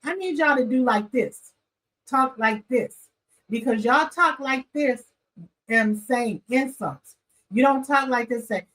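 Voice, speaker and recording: Animated woman vlogger recapping a TV show. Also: sits high, slow pace, low-quality recording. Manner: animated and opinionated, talks straight to viewers. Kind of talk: casual chat.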